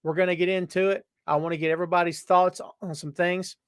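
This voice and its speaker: This host talks fast in a clear, resonant, level voice while running a laid-back live stream, naming chat viewers and calling them "brother" and "my friend." He jumps from loud exclamations to hushed asides; the studio sound is clean with no echo.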